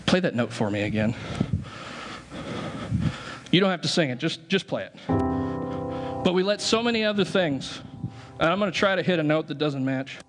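A slightly high, expressive male voice preaches at normal speed, leaving long pauses, with faint music playing behind. The pastor jokes with the congregation in the sanctuary while directing them in a group singing exercise.

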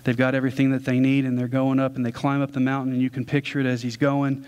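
A male pastor delivering a sermon with a mid-range voice. He tells the story in relaxed, everyday phrasing, like talking to friends, and then slows into plain, earnest teaching. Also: medium pitch, smooth. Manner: casual conversational storytelling.

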